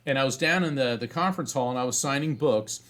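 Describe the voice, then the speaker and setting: A man being interviewed as a psychic medium, telling a story in an animated way and often restarting phrases. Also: mid-range voice, fast.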